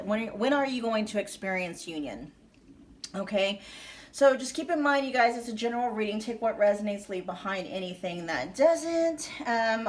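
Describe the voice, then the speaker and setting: A tarot reader with a Midwestern American accent speaks in a mid-range, slightly bright voice. She gives her viewers a casual reading, chatting and thinking aloud with lots of fillers and restarts.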